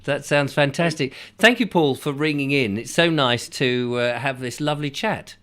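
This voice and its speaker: A man from England hosting a live call-in chat show, chatty, with quick interjections and restarts. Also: mid-range voice, sharp tone.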